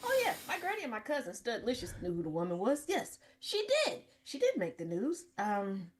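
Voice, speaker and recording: A woman from Cincinnati, hosting a podcast and telling a comic story in an animated way, laughing often. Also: a little high, normal speed. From Cincinnati, Ohio. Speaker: podcast host. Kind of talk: comedic casual storytelling.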